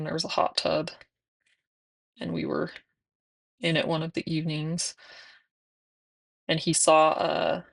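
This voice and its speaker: Chatty woman with a gravelly low voice. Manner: chatty, sometimes drifting into soft whispers. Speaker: nail vlogger. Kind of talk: casual chat while doing nails.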